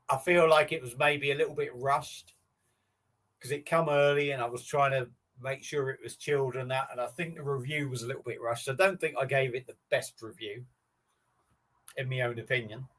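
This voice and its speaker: A man hosts a relaxed live stream, talking off the cuff to viewers. His delivery is rambling and matey, with easy swearing thrown in. His voice sits at an ordinary middle pitch. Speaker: beer review streamer. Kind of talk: casual live-stream chat.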